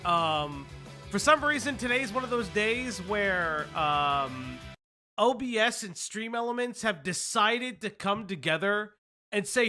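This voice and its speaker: Guy hosting a stream, high bright voice that jumps all over, goofy radio host bit. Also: a little slow, soft background music. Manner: animated, playful radio-host delivery with stammered restarts. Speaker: livestream host. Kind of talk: casual livestream chat.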